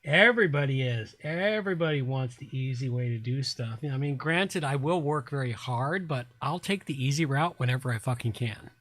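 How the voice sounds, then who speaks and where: A middle-aged man chats from his apartment as he hosts a livestream, a bit tipsy. He talks bluntly and swears casually in an unhurried drawl. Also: mid-range voice, a bit bright. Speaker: livestream host. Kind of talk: casual late-night chat. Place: home apartment.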